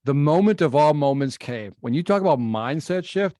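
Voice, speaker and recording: A middle-aged man from Chicago, a guest telling an animated story in an interview and acting out the exchanges he quotes. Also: fairly high pitch, normal speed, no echo, clean studio sound. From Chicago, United States. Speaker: guest speaker.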